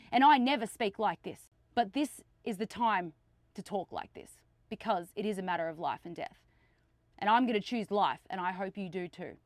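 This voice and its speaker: Woman, fairly high voice, dry close sound, urgent impassioned delivery. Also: moderate pace, no room sound. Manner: urgent and emphatic, repeating phrases. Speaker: activist. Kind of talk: impassioned speech to camera.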